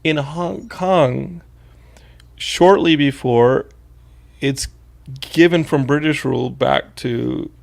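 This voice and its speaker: A man's voice: medium pitch, slow, gravelly, long pauses. A man hosting an interview podcast, joking and acting out other people's words. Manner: playful, acts out quotes, restarts a lot. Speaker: podcast host. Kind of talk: casual interview chat.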